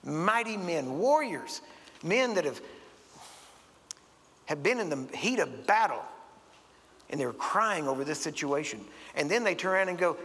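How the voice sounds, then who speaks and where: Male preacher, slightly high, gravelly voice, folksy storyteller, church reverb. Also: big pitch swings, a little slow, long pauses, pushed and bright. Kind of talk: sermon. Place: church sanctuary. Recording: long hall reverb.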